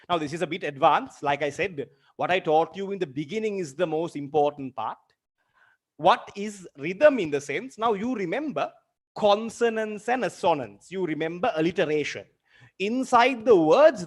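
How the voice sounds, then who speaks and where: A man teaching a literature lesson, explaining terms and going over examples more than once. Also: high-pitched. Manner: explains with repeated examples, asks students direct questions. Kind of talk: online lecture.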